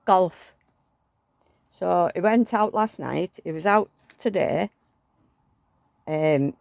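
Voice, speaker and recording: Gravelly-voiced woman vlogging. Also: lowish voice, darkish tone, dry recording. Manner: rambling, chatty, grumbling. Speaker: doll collector vlogger. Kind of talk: casual chatty vlog. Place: at home indoors.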